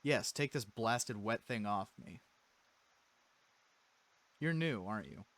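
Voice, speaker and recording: A man's voice: lowish voice, expressive, slow, fairly bright tone. A man voicing an estranged young male heir who plots a murder, reading the game's dialogue aloud. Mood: haughty.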